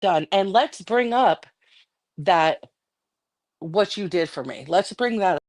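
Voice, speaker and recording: Middle-aged woman, angry livestream rant, swearing, defiant, mid-pitched voice. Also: lively intonation, slow pace.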